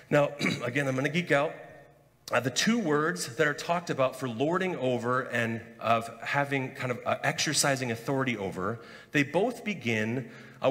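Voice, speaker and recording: A man preaching a conversational sermon as pastor, lively and chatty, acting out quoted voices with humor. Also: medium pitch, long reverb tail. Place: church sanctuary.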